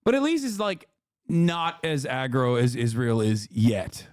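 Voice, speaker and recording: A man's voice: medium pitch, wildly swooping pitch, measured pace, darkish tone, no echo, studio quality. A man in his thirties giving casual, profane and sarcastic commentary as a stream host.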